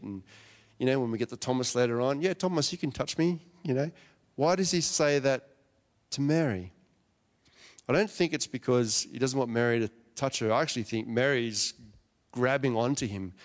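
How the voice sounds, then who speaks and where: A man giving a conversational sermon, retelling a story and asking his listeners questions. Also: medium pitch. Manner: chatty, asks the listeners questions. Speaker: preacher. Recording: long hall reverb.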